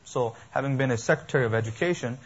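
Male pastor, husky voice, emphatic sermon delivery, dull lo-fi recording. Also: medium pitch, fast talker. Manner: emphatic, building preaching with lists and rhetorical questions.

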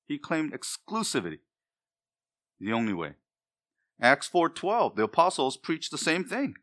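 A man's voice: on the high side, wildly swooping pitch, a little slow, pauses often, fairly bright tone. A male pastor preaching a sermon, with emphatic delivery that rises and drops for emphasis.

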